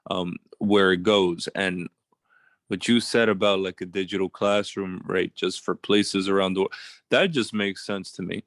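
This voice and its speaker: A man's voice: deep voice, fairly even intonation, a little slow, fairly bright tone, dry recording. A man co-hosting a casual video-call chat, loose and laid-back, running on little sleep. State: short on sleep.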